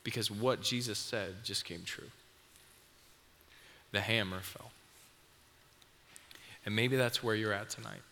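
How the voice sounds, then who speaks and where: A man preaches a sermon, retelling a story to his listeners with vivid detail. His voice is low with a bright edge. It rings with a long hall reverb over a faint background hiss. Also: steady tone, slow, long pauses. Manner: vivid storytelling, speaking to the audience.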